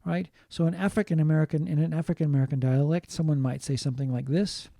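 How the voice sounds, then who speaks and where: Mellow-voiced man teaching linguistics. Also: a little high, steady tone, vocal fry, no echo, clean studio sound. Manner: explains slowly, repeating points and adding Japanese glosses. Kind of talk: online lecture.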